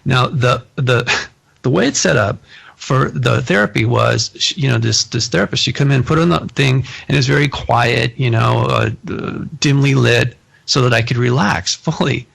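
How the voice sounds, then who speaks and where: A male podcast host telling stories in an animated way, laughing often in casual conversation. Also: mid-range voice, normal speed, creaky, husky.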